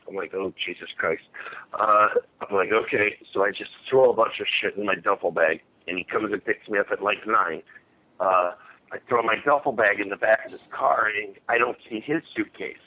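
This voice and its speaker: Low-voiced man on a tinny phone line. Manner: blunt, rambling, swears freely. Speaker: podcast guest, former fighter. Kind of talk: storytelling in a casual interview.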